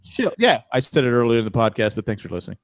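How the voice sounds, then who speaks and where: A man hosting a podcast, teasing his co-hosts loudly in casual banter. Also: mid-range voice, sing-song, fast, dry recording, clean studio sound. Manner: loud, teasing, joking. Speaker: podcast host.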